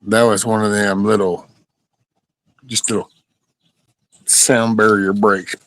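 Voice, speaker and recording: A man's voice: on the low side, level tone, slow pace, fairly bright tone, no room sound, rough recording. A man hosting a casual live stream, rambling through stories and chatting with viewers. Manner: rambling storytelling, talks to chat. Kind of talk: casual chat reading viewer comments.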